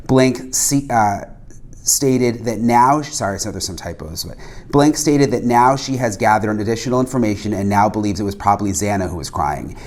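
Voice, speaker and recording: Low-voiced man reading a report aloud. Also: a little mellow. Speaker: reader of a police report.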